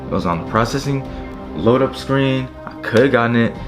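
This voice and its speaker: A man's voice: mid-range voice, a little fast, music in the background. A young man talking casually to his viewers, frustrated and swearing a lot as he tries to buy clothes online. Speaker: streetwear vlogger. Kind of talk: casual live commentary.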